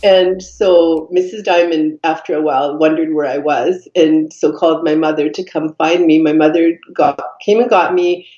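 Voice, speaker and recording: A woman, a podcast guest telling her life story in an earnest, reflective way, pausing often with fillers. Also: low voice, fairly even intonation, warm tone. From Canada. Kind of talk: personal storytelling in conversation. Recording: dull echoey room recording.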